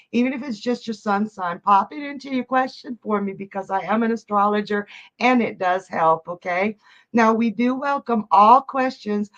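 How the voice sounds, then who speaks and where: A chatty, upbeat woman hosts a live psychic reading stream, greeting viewers and reading out the chat. Her voice sits a little high. The stream audio is dull and lo-fi. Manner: chatty and upbeat, laughing often. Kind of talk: casual livestream hosting, reading out chat.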